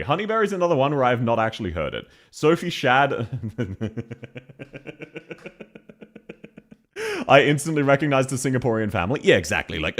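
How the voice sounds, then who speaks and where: A man's voice: medium pitch, fairly bright tone. A man with an Australian accent giving casual reaction commentary on a stream, laughing often and swearing offhandedly.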